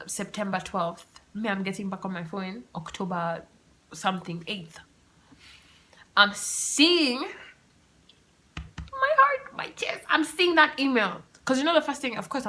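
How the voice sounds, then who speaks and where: A young woman hosting her own podcast, telling a story in a chatty, animated, self-mocking way. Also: medium pitch. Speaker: podcast host. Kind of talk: casual solo storytelling. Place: room at home with the windows open.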